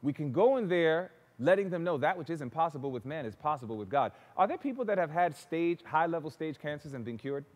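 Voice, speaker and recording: A man's voice: on the high side, animated, a little fast, hardly any pauses. A man preaching a sermon, telling stories with animation and acting out the people he quotes. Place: church sanctuary. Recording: long church reverb.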